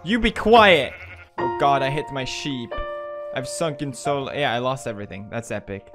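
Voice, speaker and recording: A man giving let's play commentary while gaming, excitable, shrieking in panic and cursing. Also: mid-range voice, moderate pace. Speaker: gaming video creator. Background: music.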